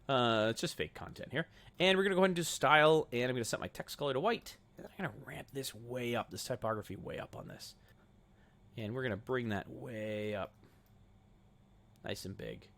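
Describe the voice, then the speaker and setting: A young adult man giving a casual screen-recorded software tutorial, thinking aloud as he clicks through settings. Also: mid-range voice. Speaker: web design tutor.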